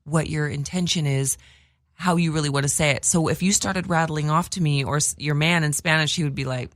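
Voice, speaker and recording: A woman's voice: deep voice, steady tone, a little fast, dry recording, clean studio sound. A woman with a Los Angeles accent, a guest in casual chat, talking freely and acting out the voices of people she quotes. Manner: chatty, acts out quoted voices.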